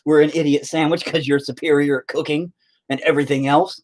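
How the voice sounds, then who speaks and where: A man's voice: fairly high pitch, level tone, a little fast, a little mellow. A man hosting a livestream in casual chat, rambling and teasing the viewers with lots of profanity. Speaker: livestream host.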